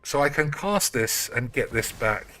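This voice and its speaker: A man's voice: medium pitch, lively intonation, measured pace, bright, forceful tone. A man chatting casually and swearing freely while streaming a card game. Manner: rambling, sweary, offhand. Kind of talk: casual live-stream chat while gaming.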